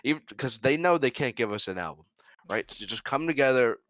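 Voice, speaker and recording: A man with a bright, forceful voice chats casually on a podcast, rambling with lots of filler words. The recording is dry and dull. It has no room sound. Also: mid-range voice, animated, fairly quick, dry recording. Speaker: podcast guest. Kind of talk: casual chat.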